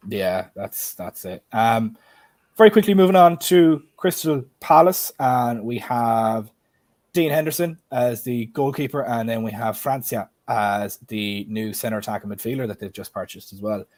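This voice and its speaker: A man's voice: medium pitch, normal speed, a little mellow, dry recording. A man with an Irish accent hosting a casual stream chat, often turning questions to the panel and the chat. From Ireland. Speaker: host.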